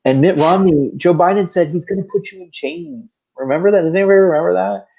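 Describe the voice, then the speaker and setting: A man's voice: high-pitched, animated, fast talker, creaky, slightly rough, muffled recording. A man co-hosting a podcast, ranting about politics in a heated, sarcastic, repetitive way. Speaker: podcast co-host. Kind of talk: political rant.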